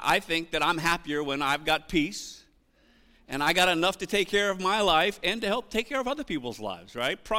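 High, bright-voiced preaching man. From United States. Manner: animated preaching, rising loud on scripture readings, asks the congregation questions. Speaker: pastor. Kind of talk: sermon. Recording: long reverb of a church hall.

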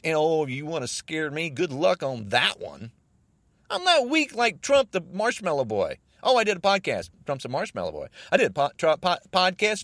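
An American man delivering an agitated political rant, repeating himself and swinging between raised outbursts and low muttering. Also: fairly bright tone, no echo. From United States.

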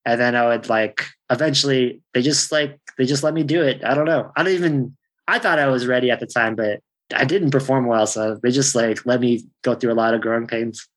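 A man's voice: mid-range voice, a little fast. A man in his thirties, a stand-up comedian, telling stories in a rambling, laid-back way, swearing freely and laughing often. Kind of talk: casual chat.

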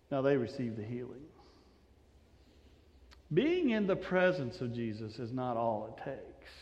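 A man preaching a sermon, telling the story dramatically, acting out voices and dropping to a hush. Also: mid-range voice, lo-fi sound. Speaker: pastor. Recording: long hall reverb.

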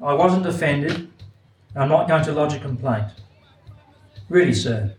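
A man playing a polite, formal gentleman who soothes others on stage. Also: on the high side, expressive, measured pace, soft background music. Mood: soothing. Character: courteous genteel older gentleman, calm and soothing. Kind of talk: stage play acting. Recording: echoey stage from a distance.

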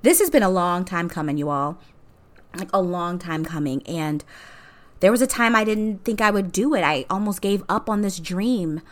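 A woman's voice: on the low side, lively intonation, moderate pace. A woman hosting a podcast, talking in a casual, earnest and encouraging way straight to her listeners. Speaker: podcast host. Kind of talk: casual motivational monologue.

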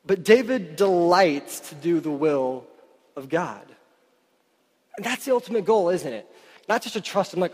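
Guy preaching, high voice, tells a story all chatty with lots of "like", big echoey hall. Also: a little fast. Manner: animated, chatty, lots of "like" fillers. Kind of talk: sermon storytelling. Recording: reverberant hall.

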